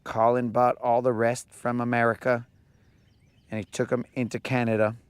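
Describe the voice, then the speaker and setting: Give me a laid-back joking man talking while bass fishing on a boat, dry and close. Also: flat delivery, normal speed, clean tone, no echo. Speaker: fishing vlogger. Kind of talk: casual chat while fishing. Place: fishing boat on a lake, outdoors.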